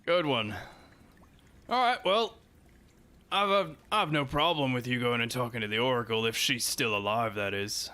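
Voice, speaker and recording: A man's voice: medium pitch, moderate pace, bright, forceful tone, clean tone, natural voice. A man voicing a cruel, mocking soldier leader who sneers at the heroes. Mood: sneering.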